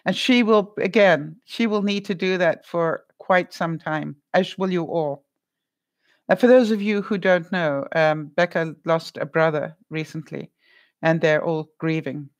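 A middle-aged woman hosts a casual live stream, chatting straight to her viewers. She talks warmly and easily, stumbling over repeated words and laughing now and then, and she gives gentle, comforting advice. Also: low-pitched, a little slow. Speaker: vlogger answering live chat.

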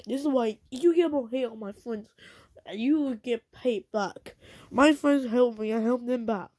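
A young woman with a fairly high, warm voice rants angrily at the camera, aimed at another video maker, scolding and repeating herself at a measured pace. The recording is dry.

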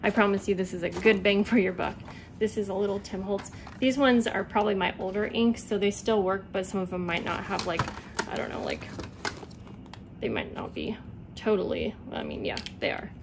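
A woman in a casual vlog, talking quickly and loosely through her craft supplies, with lots of fillers. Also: mid-range voice. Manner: chatty, quick, rambling with fillers. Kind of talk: casual show-and-tell vlog. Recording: loud background noise.

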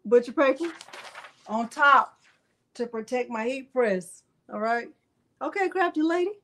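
A woman hosts a live crafting tutorial at a slightly high pitch. She talks slowly and stays chatty and playful, teasing the viewers in her chat as she works. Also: expressive, a bit bright, slight background noise. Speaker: crafting channel host.

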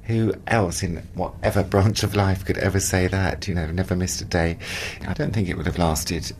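A man's voice: low voice, steady tone, moderate pace, a little mellow, slight background noise. A man on a comedy panel speaking in a languid, appreciative way. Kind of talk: tribute interview.

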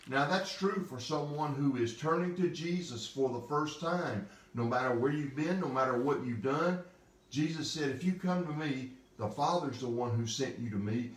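A male pastor giving an emphatic devotional sermon, stressing repeated phrases and slowing on key words. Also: medium pitch, distant mic. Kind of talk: devotional sermon teaching from scripture. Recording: roomy sound, speaker away from the mic.

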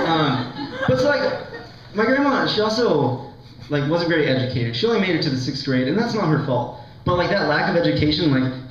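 A young man doing a stand-up set, rambling with lots of likes and ums and poking fun at himself. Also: fairly high pitch. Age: young adult. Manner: rambling, full of likes and ums, self-mocking. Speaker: stand-up comedian. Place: college lounge with a laughing audience. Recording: echoey lounge, distant, dull lo-fi sound.

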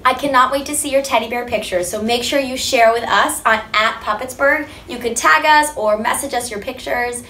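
A woman's voice: a little high, moderate pace, hardly any pauses, pushed and bright, roomy sound, a little hiss or hum. A woman hosting a children's drawing segment, signing off to kids in an upbeat way. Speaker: children's drawing show host.

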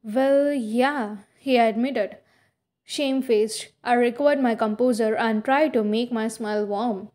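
Woman reading a novel aloud, halting. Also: a little high, fairly even intonation, darkish tone. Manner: halting reading with frequent slips. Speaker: audiobook reader. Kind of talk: first-person novel narration.

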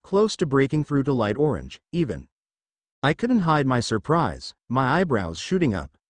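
A man's voice: mid-range voice, huge pitch swings, moderate pace, dry recording. A man reading a fan fiction story aloud in an audiobook style, giving the characters small voice shifts.

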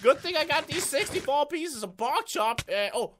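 An excitable young man narrating his own gameplay in a high, bouncy voice. His pitch leaps around constantly as he jokes along and reads on-screen text aloud. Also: moderate pace, heavy background noise. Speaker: gaming channel host. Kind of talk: let's-play commentary.

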